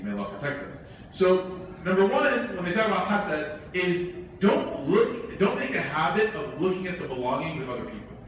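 A man with a fairly high voice gives an informal religious talk, mixing humorous stories with frequent asides. He sounds very echoey and somewhat distant, as if the mic picked him up from across a large hall, with faint noise underneath. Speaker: Islamic speaker.

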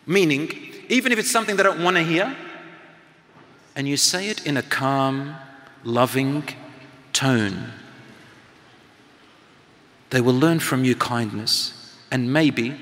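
A man's voice: fairly high pitch, bright, forceful tone. A middle-aged man and teacher giving a motivational talk to a live audience, engaging them with questions and activities. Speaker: speaker and teacher. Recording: long hall reverb.

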